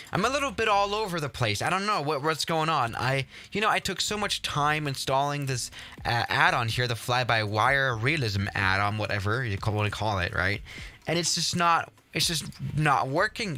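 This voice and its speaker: A young man giving casual, excitable commentary while playing a flight simulator, often exasperated and restarting his sentences. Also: medium pitch. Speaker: flight sim streamer.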